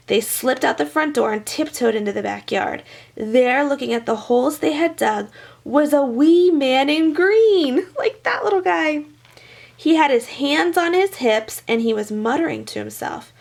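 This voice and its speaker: A woman's voice: sits high, expressive, unhurried, gravelly. A woman reading a children's picture book aloud, adding chatty asides for young listeners. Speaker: children's story reader.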